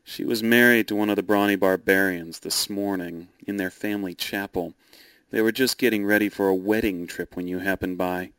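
A man playing a scheming young knight, speaking in a brisk, lively, matter-of-fact way. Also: deep voice, no echo. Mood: brisk, plotting.

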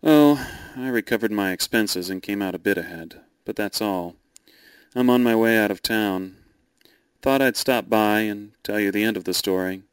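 A man playing a scheming young knight, speaking in a brisk, lively, matter-of-fact way. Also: on the low side, clean tone, dry recording, lightly acted. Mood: brisk, plotting.

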